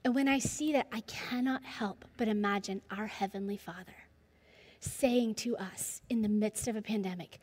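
Woman, middle-aged, devotional speaker, lively storytelling, hushed emphasis, slightly high voice, reverberant hall. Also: normal speed. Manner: lively storytelling, drops to near-whispers for emphasis. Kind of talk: devotional talk.

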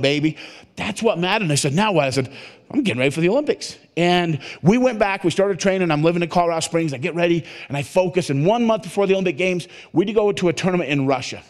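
A man delivers a motivational keynote to a conference audience, his voice sitting a little on the high side. He tells his story with animated energy, jumping in pitch as he acts out the exchanges. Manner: animated storytelling, acting out dialogue in jumps of pitch. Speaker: motivational speaker. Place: conference hall at a resort.

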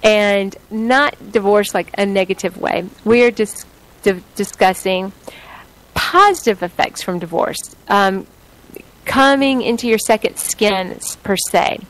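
A woman's voice: medium pitch, unhurried, fairly bright tone, low-quality recording. A middle-aged woman hosting a radio talk show, with a playful put-on Southern accent and a chatty, rambling way of talking. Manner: chatty, rambling, laughs often. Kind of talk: casual radio chat.

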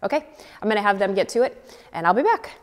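A woman acting teacher explaining an exercise to her class in a clear, encouraging, conversational way. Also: medium pitch, expressive, quick pace. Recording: long hall reverb.

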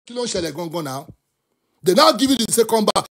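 A Nigerian man rants as a talk show host, his voice set high and full of gravelly fry. He sounds husky and heated, and he flips between English and Yoruba. Now and then he rises into shouting. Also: sing-song, quick pace. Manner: impassioned, switches between English and Yoruba, often bursts into shouts. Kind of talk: animated commentary rant.

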